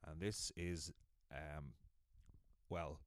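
Male podcast host, low voice, relaxed explainer, dry close recording. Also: very slow, no room sound. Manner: relaxed, explanatory, some fillers. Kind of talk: casual spoken introduction.

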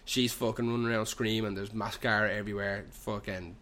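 Low-ish and fairly bright, his voice barely moves in pitch and runs a little fast. He's a young Dublin-accented podcast host in a pub, cursing constantly as he rambles through a funny tale.

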